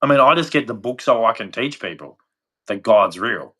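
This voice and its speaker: A man's voice: mid-range voice, lively intonation, moderate pace, sharp tone, breathy edge. An Australian man from Australia giving a blunt, rambling opinion rant to camera, swearing freely. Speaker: vlogger.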